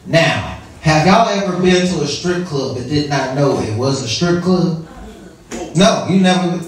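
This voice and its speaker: Man, stand-up comic, AAVE, animated pitch, roomy distant sound, audience laughter. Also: unhurried. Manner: loose, profane, swings up high for punchlines. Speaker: stand-up comedian. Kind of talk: live stand-up with crowd work. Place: small bar with a live audience.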